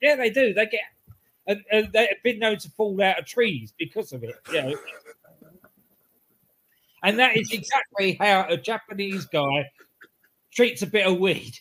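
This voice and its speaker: Chuckling, slightly high-voiced podcast co-host. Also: male voice, animated, normal speed, pauses often, bright, forceful tone. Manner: rambling storyteller, chuckles at his own jokes. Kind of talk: casual wrestling podcast chat.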